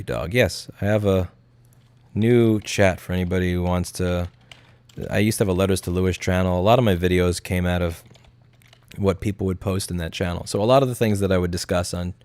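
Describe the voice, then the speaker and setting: A man's voice: sits low, darkish tone, dry recording. A man chatting casually on a live stream, blunt and profane, slipping into mocking impressions of others. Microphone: studio mic.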